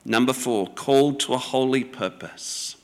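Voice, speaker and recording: A man preaching a sermon as the pastor, slow and deliberate, with measured pauses between phrases. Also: medium pitch, big-room sound.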